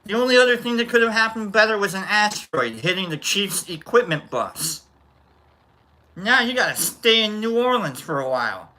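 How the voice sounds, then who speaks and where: A man hosting a show, chatting casually and telling animated, joking stories. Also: sits high, moderate pace. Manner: animated, joking, acts out quoted voices with loud yells. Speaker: livestream host. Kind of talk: casual storytelling chat.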